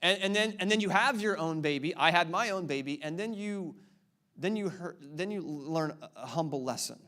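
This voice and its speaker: A man's voice: fairly high pitch, moderate pace, pushed and bright. A man in his thirties, a pastor preaching a sermon in a church and playfully quizzing the congregation with repeated questions. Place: church auditorium before a congregation.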